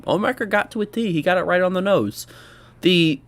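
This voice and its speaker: A man's voice: high voice, normal speed. A young man hosting a reaction commentary, talking casually, exclaiming and joking with his viewers. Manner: animated, exclaiming, sarcastic asides. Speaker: commentary host.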